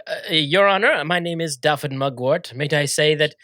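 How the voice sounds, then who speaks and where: A man's voice: on the high side, bright, forceful tone, no echo, clean studio sound. A man doing a courtly halfling adventurer. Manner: slow, formal and courtly.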